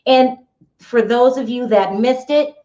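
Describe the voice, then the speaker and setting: A chatty woman hosts a gossip show, exclaiming often and talking straight to her viewers. Her voice sits a bit high. The room is echoey and the sound is somewhat dull. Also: unhurried, dark tone. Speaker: YouTube gossip show host. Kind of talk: casual gossip commentary.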